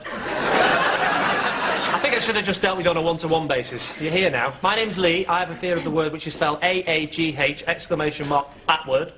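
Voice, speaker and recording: A man's voice: fairly high pitch, moderate pace, noisy background, lightly acted. A man playing a flustered support-group leader. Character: nervous man leading a phobia support group. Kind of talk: comedy sketch.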